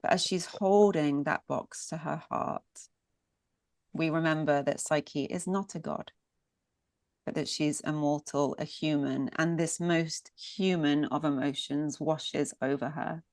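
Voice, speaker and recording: Slow low-voiced woman storyteller. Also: fairly even intonation, darkish tone, no echo. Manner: lingering, repeats words for emphasis. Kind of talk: mythic storytelling.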